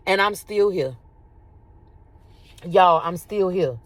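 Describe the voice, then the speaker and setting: Lively woman preaching casually to viewers. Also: fairly low pitch, slow, dry recording. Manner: animated, repeats herself, addresses viewers as y'all. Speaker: faith video host. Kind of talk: casual spiritual talk to viewers.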